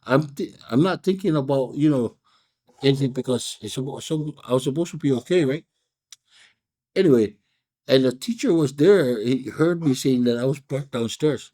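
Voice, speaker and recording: A man's voice: mid-range voice, moderate pace, warm tone. A man with a Hawaiian pidgin accent, chatting casually and telling a rambling story while reviewing a cigar, full of fillers and restarts. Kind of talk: casual chat.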